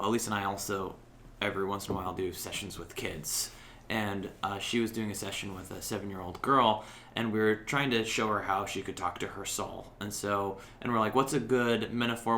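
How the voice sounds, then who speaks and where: Bright-voiced man telling a story. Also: fairly low pitch, slight background noise. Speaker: podcast host. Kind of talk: conversational storytelling.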